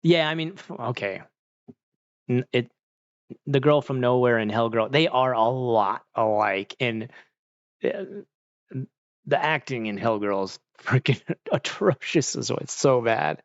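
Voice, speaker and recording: A man's voice: mid-range voice, a little slow, dry recording. Man, casual streamer chat, rambling with lots of "like", dry close sound, dull lo-fi mic. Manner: rambling, heavy on "like", laughs often. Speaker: streamer chatting with viewers.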